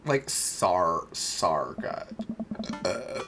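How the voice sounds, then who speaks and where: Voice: medium pitch, huge pitch swings, a little slow, long pauses, over music. A streamer playing through a game live, reading narration aloud with a giggly, playful manner.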